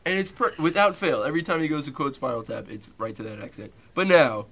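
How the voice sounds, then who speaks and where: A man's voice: on the high side, fast talker, fairly bright tone. A young man co-hosting a radio show in casual banter, joking and eager, laughing often.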